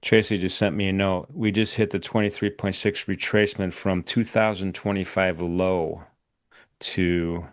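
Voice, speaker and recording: Chatty low-voiced male stream host. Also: steady tone, unhurried. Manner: joking, chatty, many filler words. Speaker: host of a live trading show. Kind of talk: casual livestream sign-off chat.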